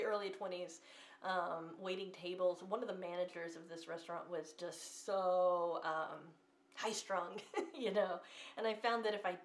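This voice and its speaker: A woman in her thirties giving a casual tarot reading, gentle and reassuring, rambling with many ums and restarts. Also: mid-range voice. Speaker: tarot reader. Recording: roomy echo.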